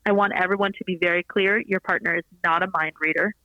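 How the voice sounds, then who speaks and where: A fast-talking woman with a lowish voice appears as a podcast guest on a dry recording. Heard over a muffled remote line, she chats casually and animates her stories by acting out quotes.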